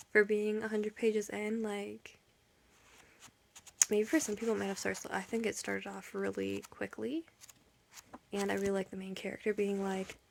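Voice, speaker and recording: Giggly, whispering woman with vocal fry. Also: medium pitch, a little mellow, slight background noise. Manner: giggly, rambling, often whispering. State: tired. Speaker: book vlogger. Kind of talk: late-night casual reading vlog. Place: at home late at night.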